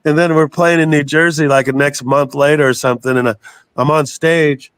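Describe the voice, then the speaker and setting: An older man telling a story as an interview guest, animated, swearing freely and laughing as he goes. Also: a little high, fairly quick, smooth, no echo. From southern United States. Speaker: guest musician.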